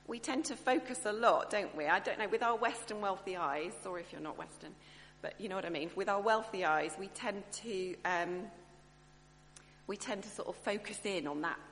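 Woman giving a sermon, chatty n expressive, keeps interrupting herself, echoey hall, faint hum. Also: mid-range voice, moderate pace. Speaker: preacher.

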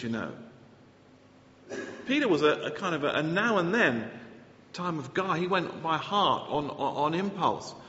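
A male preacher delivers an earnest sermon in a fairly high, lively voice that climbs and falls. He often stops and restarts his phrases. His words ring out in a long, echoey church hall, and the sound is a little dull. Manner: earnest, animated, with frequent restarts. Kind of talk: sermon with Bible reading.

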